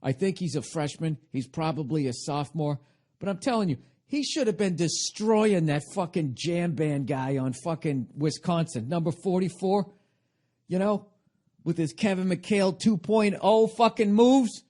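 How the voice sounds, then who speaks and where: Profane ranting man, slightly high voice. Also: expressive, moderate pace, a little mellow. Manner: profane, rambling rant with constant swearing; sarcastic, self-mocking. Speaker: podcast host. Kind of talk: comedic rambling monologue.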